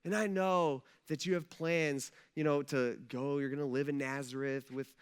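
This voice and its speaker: A man voicing God, speaking softly and in a low, measured, quietly firm way. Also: steady tone, smooth, lightly acted. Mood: gentle.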